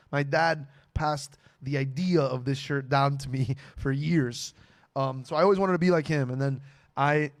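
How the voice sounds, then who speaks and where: A young man, a comedian, telling animated stories on a casual podcast and laughing often. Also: a little high, dry recording, clean studio sound. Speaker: comedian guest.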